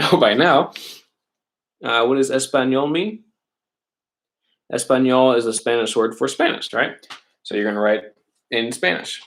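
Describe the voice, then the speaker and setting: A man's voice: medium pitch, fairly bright tone. A male teacher explaining worksheet examples step by step in a casual online class, often checking in with "right?". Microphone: laptop or webcam mic.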